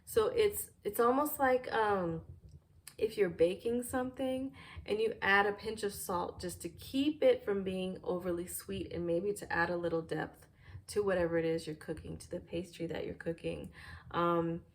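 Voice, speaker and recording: At home near a fireplace, a woman with a fairly low voice reviews fragrances casually and thoughtfully. She often pauses with "um" as she searches for words.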